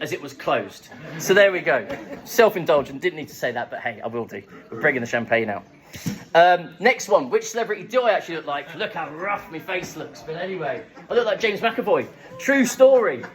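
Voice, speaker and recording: A fairly high-pitched young man from England, telling local history as a comic talk to a live audience. He chats along with self-mocking jokes and asides to the crowd. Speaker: festival speaker. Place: live event room with an audience.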